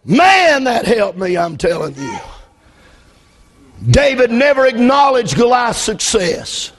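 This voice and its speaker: High-voiced fervent preacher man. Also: expressive, slow pace. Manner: swings between hushed storytelling and fervent shouting; repeats and restarts phrases, calls out amen. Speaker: pastor. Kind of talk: fiery sermon.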